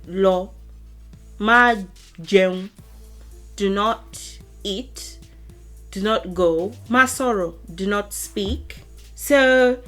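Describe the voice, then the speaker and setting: A woman giving a casual language lesson to camera. She speaks deliberately, repeats example phrases with stretched emphasis and laughs lightly between points. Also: medium pitch, a bit bright. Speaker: language teacher.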